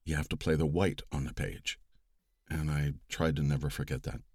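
Low, measured male narrator voice. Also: fairly even intonation, a little mellow, dry recording, clean studio sound. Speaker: audiobook narrator. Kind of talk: reflective interview talk.

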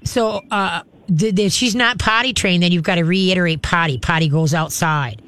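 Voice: medium pitch, normal speed, fairly bright tone, smooth. A radio host and dog trainer giving chatty, hands-on advice to callers on a call-in show. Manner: chatty and instructive, acts out dog commands.

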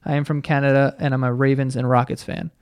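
A man's voice: medium pitch, little pitch movement, fast, gravelly, smooth. A man hosting a casual sports podcast, reading out listener questions, loose and swearing with lots of filler words.

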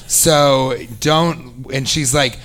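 A man telling a comic story, sarcastic and animated, acting out both sides of a conversation. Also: medium pitch, extremely slow. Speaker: comedian. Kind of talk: comedic storytelling.

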